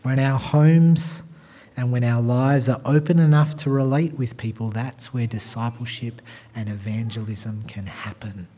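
A man preaching a sermon as pastor, talking straight to his congregation and swinging from quiet asides to loud, emphatic passages. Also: medium pitch, steady tone, a little slow. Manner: addresses the congregation directly with rhetorical questions.

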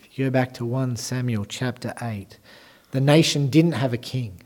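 A man preaching a sermon, moving from hushed lines to loud, emphatic ones. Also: medium pitch, moderate pace. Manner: swings from quiet to loud and emphatic.

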